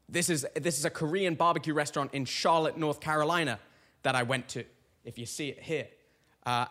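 A young man in his twenties hosting a podcast, telling a casual, rambling story with lots of restarts. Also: on the high side. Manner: animated, rambling with frequent restarts. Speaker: podcast host. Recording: long reverberant echo.

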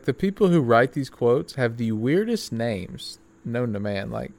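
A man's voice: mid-range voice, animated, a little slow, gravelly, darkish tone. A young man hosting his own podcast from his back porch, chatting casually in a rambling, friendly way, full of fillers and self-corrections. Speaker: podcast host. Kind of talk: casual solo podcast talk.

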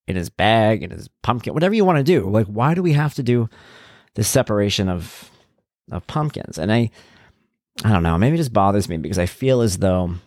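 A middle-aged man hosting a podcast, telling stories about his son in a casual, animated way and getting worked up as he talks. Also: mid-range voice, no room sound, studio quality. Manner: animated storytelling, gets worked up, acts out quotes. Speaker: podcast host, parent of an autistic son.

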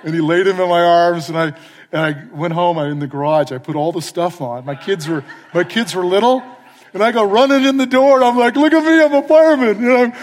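A man preaching in a church, pitched a touch higher than most men. He tells a story with animated energy, acting out his own quoted lines. His voice carries a long hall reverb. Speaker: pastor and fire chaplain. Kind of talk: storytelling sermon.

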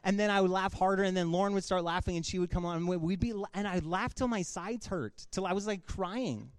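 A male pastor in his thirties gives a sermon in a loose, conversational way, full of asides and little laughs. His voice sits high for a man. The sound is dry and close, with no room around it. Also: brisk, smooth, dry recording. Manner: casual, conversational preaching with filler words and laughter.

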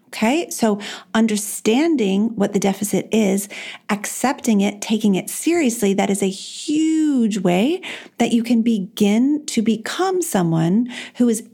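A woman's voice: mid-range voice, dark tone. A woman hosting a solo advice podcast, talking in an earnest, encouraging and self-deprecating way. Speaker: podcast host.

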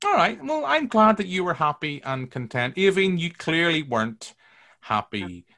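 A man's voice: fairly high pitch, very animated, moderate pace, pushed and bright. A man hosting a casual film review podcast, teasing his guests and rambling through long opinions. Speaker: podcast host.

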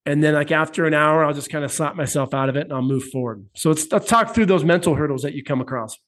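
American male coach-host, casual and profane, fairly high voice. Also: fast. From United States. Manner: loose, profane, animated storytelling. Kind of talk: casual interview chat.

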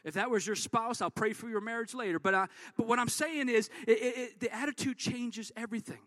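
A man preaching a sermon in an energetic, conversational way, repeating and restarting words as he drives his points home. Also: very high voice, fairly quick, no room sound. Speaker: pastor.

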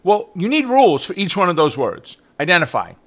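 A middle-aged man hosting a trading podcast, teaching in an energetic monologue full of rhetorical questions and tag questions. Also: high voice, brisk. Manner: animated, rhetorical questions, frequent "right?". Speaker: trading coach podcast host.

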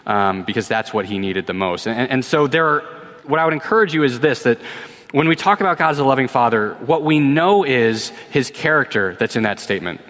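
Man, thirties, pastor, conversational, repeats starting words, mid-pitched, long church-hall reverb. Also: animated, brisk, fairly bright tone. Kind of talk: sermon with Q&A. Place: church sanctuary.

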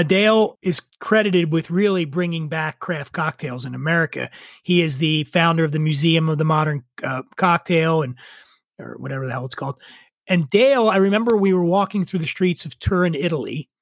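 Middle-aged man with a high voice: a drinks writer spinning loose, profane stories with self-mocking laughs, recorded dry and close. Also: moderate pace, gravelly, no echo. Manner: animated, swears freely, laughs at himself. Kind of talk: casual interview storytelling.

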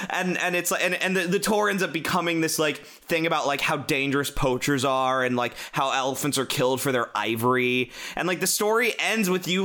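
Guy on a podcast rambling thru a story, cussing, lots of likes and ums, kinda high voice. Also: fairly quick. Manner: rambling, profane, animated storytelling with many fillers. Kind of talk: casual chat.

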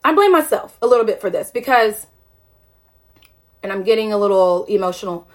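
A woman's voice: mid-range voice, expressive, fairly quick. A woman network marketer speaking live to her followers on a phone, passionate and emphatic, asking one rhetorical question after another. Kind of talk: emotional livestream rant.

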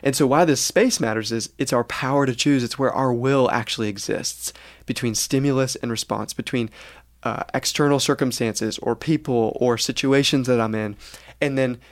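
A man's voice: mid-range voice, moderate pace, no room sound. Earnest man explaining in a dry mic. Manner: earnest, explanatory, acts out quoted reactions. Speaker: podcast co-host, teacher. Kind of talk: reflective faith podcast talk.

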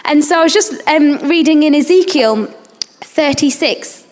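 A woman's voice: high voice, a little slow. A woman preaching a sermon, earnestly putting questions straight to her listeners. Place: church service. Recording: long hall reverb.

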